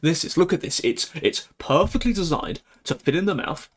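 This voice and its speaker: A young man chatting on a live stream, excitable, giggly and stammering as he talks. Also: on the high side, normal speed, slightly rough. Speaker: VTuber streamer. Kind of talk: casual live-stream chat.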